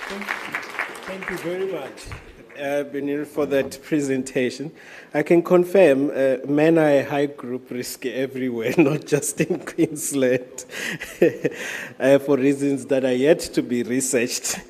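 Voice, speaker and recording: A man moderating a pitch competition, joking lightly, with chuckles and fillers. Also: a little slow, darkish tone, a faint crowd. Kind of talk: event hosting.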